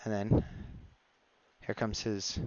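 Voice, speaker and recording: A man narrates his sketch on a live stream, casual and playful and quick to laugh. His voice is smooth and mid-pitched, recorded close and dry, a little muffled. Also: monotone, darkish tone, no room sound. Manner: playful and chatty, laughs at his own jokes.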